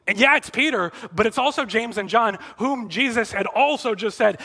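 Earnest bright-voiced male preacher. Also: very high voice, normal speed, hardly any pauses. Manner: earnest and animated, acting out quotes then dropping to soft intimate tones. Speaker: pastor. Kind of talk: sermon.

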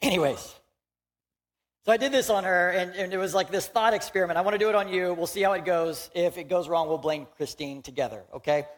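A man's voice: high-pitched, fairly quick. A young man from Houston, Texas, giving a conversational, joking sermon as a pastor in a church and talking directly to the congregation.

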